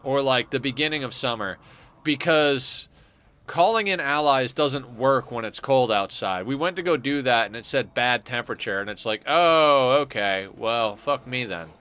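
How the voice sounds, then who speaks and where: Man, game stream commentary, sharp bright voice, rambling, chatty, casual swearing. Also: medium pitch, expressive, moderate pace, clear, resonant tone. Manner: rambling, loose and chatty, swears now and then. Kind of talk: casual let's-play commentary.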